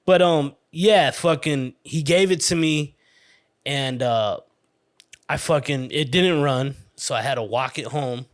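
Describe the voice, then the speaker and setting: Brief: male solo podcaster, mid-pitched, profane and rambling storyteller. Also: takes it slowly. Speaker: podcast host. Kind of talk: casual storytelling monologue.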